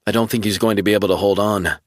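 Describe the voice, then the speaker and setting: A man's voice: fairly low pitch, fairly even intonation, racing, no echo, clean studio sound, natural voice. A man voicing a worried, blunt-spoken man in an audiobook.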